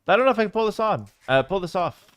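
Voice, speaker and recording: A young man casting a strategy game live on stream, his voice rising and falling a lot as he flips between calm chat with viewers and excited play-by-play. He is a bit high for a man and sits close to a dry, tight desk mic. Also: racing, smooth, no room sound. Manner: chatty, reacts to chat, bursts of excitement.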